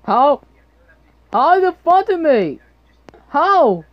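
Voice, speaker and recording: Young woman gamer, horror commentary, slow and jumpy, lively pitch, screams at scares. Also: dry recording, dull audio.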